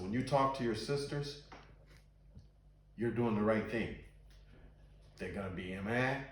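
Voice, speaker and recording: A man's voice: on the low side, measured pace, pauses often. A man leading an informal Bible study, talking earnestly and reading scripture aloud with emphasis. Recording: very echoey room.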